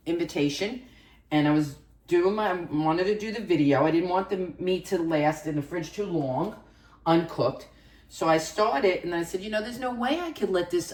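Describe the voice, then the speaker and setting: A woman with a fairly low voice hosts a home cooking vlog, chatting casually and wandering into asides as she works. She's far from the mic in an echoey kitchen.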